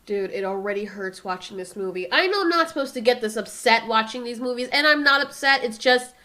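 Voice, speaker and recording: Woman, movie commentary host, sarcastic, exasperated, high voice. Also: brisk, pushed and bright, soft background music. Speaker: movie reviewer and channel host.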